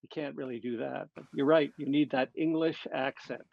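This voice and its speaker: Gravelly Canadian man, halting chat. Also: medium pitch, steady tone, no echo. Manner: halting, with many fillers and restarts. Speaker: comedian guest. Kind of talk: casual interview chat. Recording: dull lo-fi dry sound.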